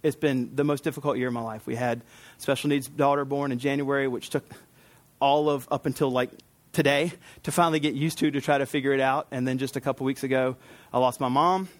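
A man's voice: medium pitch, level tone, quick pace. Earnest man preaching a sermon. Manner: earnest, conversational preaching with emphatic repetition. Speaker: pastor.

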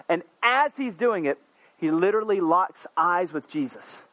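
A man's voice: animated, measured pace, no echo. Earnest preacher man, dry close sound. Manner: earnest, rises to emphatic peaks then drops low and quiet; conversational, with asides and restarts. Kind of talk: sermon.

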